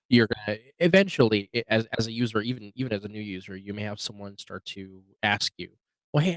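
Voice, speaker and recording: A man with a fairly low voice co-hosts a casual tech podcast, rambling through his points with plenty of fillers and restarts. He sounds easygoing and chatty. The recording is close and dry. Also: dry recording, poor audio. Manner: rambling, hesitant, many restarts and fillers, laughs easily. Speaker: podcast co-host.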